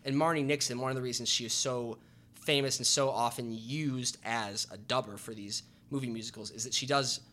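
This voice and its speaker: Bright-voiced man chatting about musicals. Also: mid-range voice, a little fast. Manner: relaxed, explanatory, hums melodies to illustrate. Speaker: podcast co-host. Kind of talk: casual chat about musicals.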